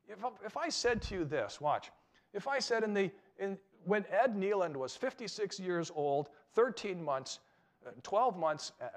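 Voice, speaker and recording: A Christian apologetics speaker addresses a live audience emphatically and animatedly, often posing rhetorical questions to them. His voice is fairly high in pitch.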